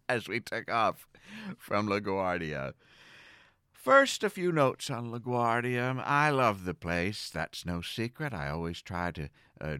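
A middle-aged man delivering a scripted comic monologue as a podcast host, earnest and whimsical, with sudden excited jumps. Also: fairly low pitch, clear, resonant tone, dry recording, clean studio sound.

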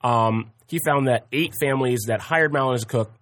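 A man's voice: medium pitch, a little fast, a bit bright. A man hosting a podcast, telling a history story casually, with many fillers and frequent laughs. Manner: chatty, laughs often, many fillers and restarts.

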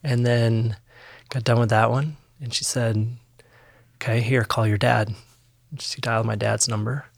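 This man has a gravelly, slightly husky voice and tells his story in a halting, reflective way, full of pauses and ums. He sounds close to the mic in a dry room. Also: medium pitch, little pitch movement, dry recording. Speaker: podcast guest. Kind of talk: candid personal testimony.

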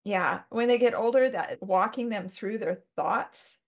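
Gravelly-voiced woman podcast host. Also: mid-range voice, unhurried. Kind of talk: casual podcast conversation.

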